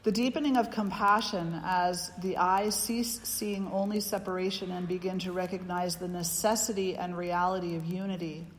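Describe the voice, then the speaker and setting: A woman giving a spiritual teaching talk, earnest and emphatic, often repeating her key phrases. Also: fairly low pitch. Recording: long reverb hall with faint background noise.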